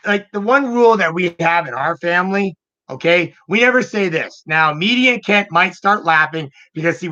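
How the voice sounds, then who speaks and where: A man's voice: high voice, bright, forceful tone, dull audio. A man hosting his own show, chatting casually in an upbeat, rambling way and often repeating his words. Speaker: show host. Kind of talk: casual chat.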